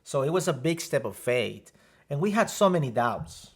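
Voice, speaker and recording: Man, faith podcast co-host, mid-pitch, hesitant, restarts often. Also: very animated. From Mexico. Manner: halting, many restarts and fillers. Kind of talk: casual faith podcast chat.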